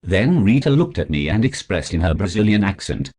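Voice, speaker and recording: A man's voice: low voice, very animated, brisk, hardly any pauses, dark tone, breathy edge. A man narrating his own story in a formal, stiff storybook manner. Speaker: author narrator.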